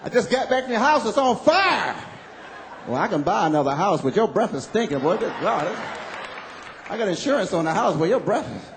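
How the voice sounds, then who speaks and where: A man performing a stand-up comedy routine on stage, animated and loud on his punchlines, acting out other people's voices. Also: high-pitched, brisk, crowd noise, background noise. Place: comedy club stage with live audience. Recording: live hall recording with audience.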